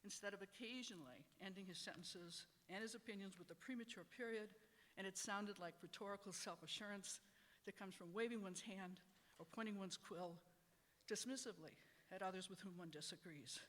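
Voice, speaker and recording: A middle-aged law professor from Wisconsin giving prepared panel remarks in a wry, measured, reflective way. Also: mid-range voice, fairly bright tone, big-room sound.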